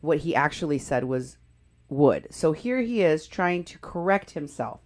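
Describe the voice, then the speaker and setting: A woman hosts a live political commentary stream, talking with plenty of conviction and pressing her points hard. Her voice sits slightly low for a woman, and she keeps breaking off and restarting her sentences as she goes. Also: lively intonation, moderate pace, darkish tone. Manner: emphatic, indignant, with frequent restarts. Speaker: show host.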